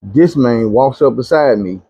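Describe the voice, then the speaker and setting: A man telling a long dream story, animated, dropping low and quiet when he pleads. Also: unhurried, breathy edge, dry recording, rough recording. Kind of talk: recounting a dream testimony.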